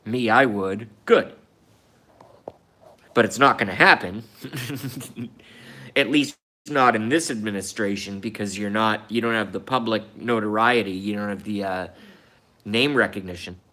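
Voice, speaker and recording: On his live stream, a man goes on a heated political rant, swearing a lot and circling back to the same points while he reads and replies to viewers' comments. His voice sits lowish, bright and forceful, at a measured pace with many pauses.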